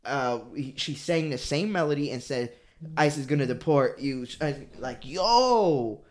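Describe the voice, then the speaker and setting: A man co-hosting a casual podcast chat, swearing freely and talking with animated energy. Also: mid-range voice, measured pace. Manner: profane, animated, mock British voice at times. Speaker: podcast co-host.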